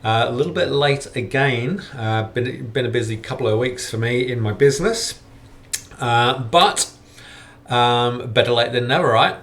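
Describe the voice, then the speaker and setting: A man's voice: medium pitch, moderate pace, fairly bright tone. A middle-aged man hosting a casual hiking vlog roundup, friendly and rambling with lots of fillers. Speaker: hiking challenge organiser and vlogger.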